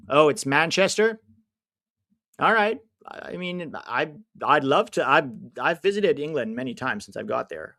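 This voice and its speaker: An American man hosting a live football watch-along, chatting with viewers and reacting to the match. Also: medium pitch. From United States. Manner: chatty, answers viewers' comments, bursts of excitement at chances.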